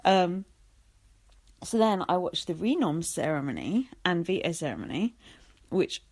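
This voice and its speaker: A woman's voice: on the low side, very animated, measured pace, a little mellow. A young woman vlogging a casual recap, sarcastic and sweary, full of "like" and "um". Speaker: vlogger recapping a reality show.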